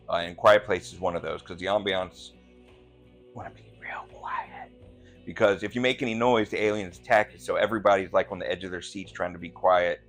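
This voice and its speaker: A man's voice: deep voice, gravelly, a bit bright. A man chatting casually about his week, rambling with many ums and you-knows. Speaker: gaming channel host. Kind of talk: casual chat. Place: lives in Virginia.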